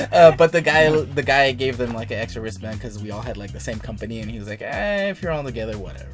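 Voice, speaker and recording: A young man hosting a casual chat, telling a story in an animated, swearing way and laughing often. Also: mid-range voice, a little fast. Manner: animated, profane, laughs while telling stories. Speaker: channel host. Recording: background music playing.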